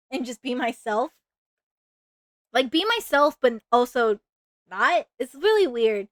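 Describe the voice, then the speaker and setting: Bright-voiced chatty woman streamer. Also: on the high side, smooth, no room sound. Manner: rambling and chatty with many fillers; playful, breaks into sing-song. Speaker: VTuber streamer. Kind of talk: casual chat while drawing on stream.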